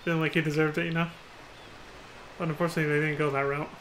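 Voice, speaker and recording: A man's voice: a little high, little pitch movement, very fast, a bit bright, slight background noise. A man streaming a video game, chatting casually, swearing and acting out lines as he comments. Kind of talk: gameplay commentary.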